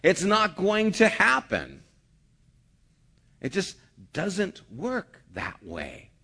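A man's voice: high voice, huge pitch swings, extremely slow, bright, forceful tone, husky. A man preaching a sermon in a conversational way, asking rhetorical questions and acting out the people he quotes. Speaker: pastor.

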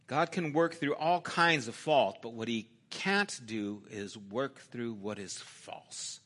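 Conversational pastor, bright voice, loud-to-hushed. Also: male voice, medium pitch, animated, slow pace. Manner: conversational, swings from loud emphasis to hushed intimate asides. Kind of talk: sermon.

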